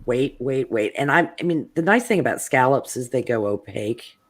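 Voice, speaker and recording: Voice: medium pitch, animated, normal speed. A chatty, enthusiastic guest talking about cooking over a video call. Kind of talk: casual chat.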